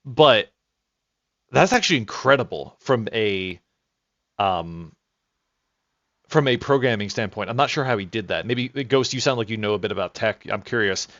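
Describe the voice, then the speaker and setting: A man streaming a game with casual, rambling commentary, excitable, with restarts and swearing. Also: on the low side, normal speed, long pauses, dry recording. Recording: dull lo-fi dry mic.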